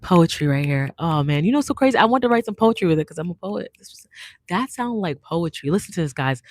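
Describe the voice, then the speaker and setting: A woman's voice: fairly low pitch, lively intonation, fast, no room sound. A woman hosting a livestream as an artist, chatting casually in a rambling, slangy way and reading out viewer comments. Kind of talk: casual live chat.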